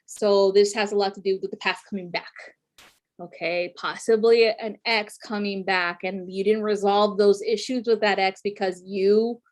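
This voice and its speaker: A woman running a loose weekly zodiac reading, talking in a chatty, profane way. Her speech is packed with filler words and quick laughs, and her pitch sits mid-range for a woman. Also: steady tone. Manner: laughs often while talking. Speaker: astrology reader.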